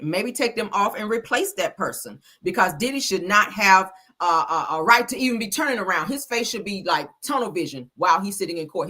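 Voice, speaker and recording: A woman hosting casual news commentary, blunt and profane, talking straight to her viewers. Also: medium pitch. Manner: animated, blunt, profane, addresses viewers directly. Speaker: commentary host.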